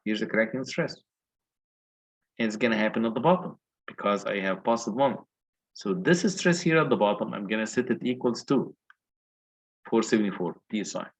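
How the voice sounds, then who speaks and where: A man's voice: on the low side, a little fast, slightly rough, low-quality recording. A male engineering lecturer walking through calculations step by step and asking the class questions. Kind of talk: recorded lecture walkthrough.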